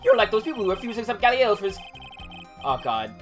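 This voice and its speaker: A woman's voice: mid-range voice, big pitch swings, quick pace, faint music behind, pitched above the performer's own voice, close to an everyday voice. A woman voicing a smug, self-important male witness who talks down to everyone. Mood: lecturing. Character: smug pompous male witness, middle-aged.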